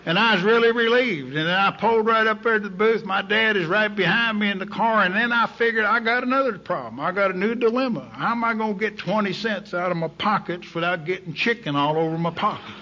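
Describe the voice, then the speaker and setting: A middle-aged man from Texas telling his recovery story at a meeting, folksy and candid, his voice sinking low in the hard parts. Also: a little fast, few pauses, pushed and bright. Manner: folksy, candid, drops to near silence in heavy moments. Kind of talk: storytelling talk. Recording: dull lo-fi tape recording.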